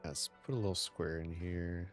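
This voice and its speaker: Faint game music plays as a man streams a city-building game, rambling through a story with many restarts in casual chat. He speaks in a deep, steady voice at a moderate pace.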